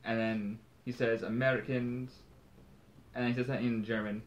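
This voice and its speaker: A man co-hosting a casual podcast, recapping a comic scene by scene with quick restarts. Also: mid-range voice, flat delivery, lo-fi sound, a little hiss or hum. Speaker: podcast co-host.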